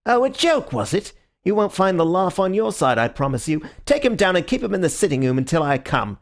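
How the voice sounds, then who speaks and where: A man's voice: mid-range voice, sing-song, brisk, gravelly, darkish tone. A man voicing an indignant, blustering male police inspector in an audiobook reading. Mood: angry.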